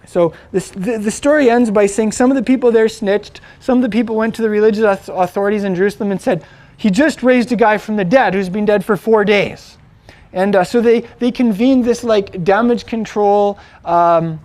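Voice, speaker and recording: A man with a noticeably high voice tells a Bible story as a casual storytelling sermon, in a relaxed, chatty teaching style, as if telling friends. His animated retelling is packed with "like" and "um," and he keeps restarting sentences. The recording is dry.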